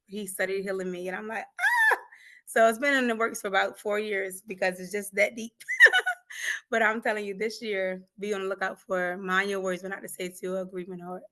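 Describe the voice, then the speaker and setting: A woman's voice: mid-range voice, animated, normal speed, bright, forceful tone. A woman guest and grief coach giving a fervent, preachy faith testimony, often laughing and repeating phrases for emphasis.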